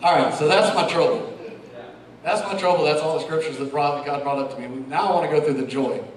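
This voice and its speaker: This middle-aged man's voice sits on the high side and moves a little fast as he shares a heartfelt, emotional testimony as a lay preacher, citing scripture with laughter between lines. A crowd can be heard behind him, and the mic sits far off in the echoey church sanctuary.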